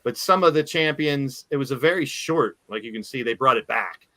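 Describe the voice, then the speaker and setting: Male podcast host, rambling casual chat, bright tone, dry mic. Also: medium pitch, expressive, normal speed, no room sound. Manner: rambling, talks while showing things on screen.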